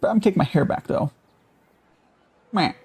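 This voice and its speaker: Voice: medium pitch, expressive, unhurried, darkish tone, husky. A live-streamer reading quest text aloud and stopping to react to viewer chat, with fillers and restarts.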